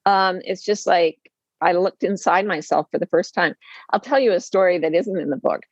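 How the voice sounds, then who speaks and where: A woman, an author and life coach, telling personal stories with lively, self-deprecating humor and acting out the voices she quotes. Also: on the low side, normal speed, dry recording, lo-fi sound. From Utah, USA. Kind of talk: candid storytelling interview.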